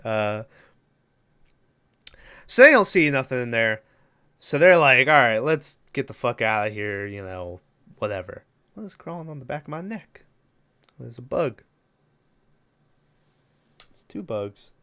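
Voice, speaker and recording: A man co-hosting a podcast, casually retelling a movie plot with lots of swearing and quick impressions of the characters. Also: medium pitch, expressive, pushed and bright, smooth. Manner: rambling, swears freely, acts out characters' lines. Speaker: podcast co-host. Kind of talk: casual movie recap chat.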